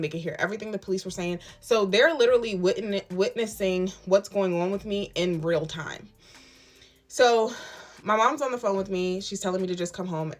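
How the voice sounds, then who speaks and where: A woman's voice: lowish voice, fairly bright tone. A woman in her twenties, emphatic and candid, telling her own story in a storytime vlog and acting out what others said. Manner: emphatic and candid, retelling events with quoted dialogue.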